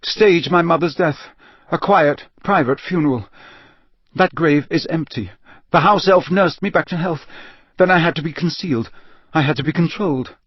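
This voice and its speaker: A man voicing a young dark wizard confessing under a truth potion in a flat, monotonous, emotionless voice. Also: on the high side, moderate pace, husky, no room sound, muffled recording, voice pushed up.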